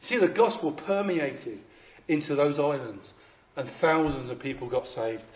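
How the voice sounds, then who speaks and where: A man's voice: a little high, measured pace. A man preaching a sermon, emphatic and repeating phrases for effect. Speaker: visiting preacher. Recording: echoey, slightly dull hall recording.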